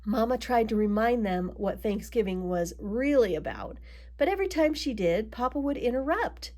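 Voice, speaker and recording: A woman reading a children's picture book aloud, adding gentle asides to her young listeners. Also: a little high, animated, moderate pace. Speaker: storybook reader.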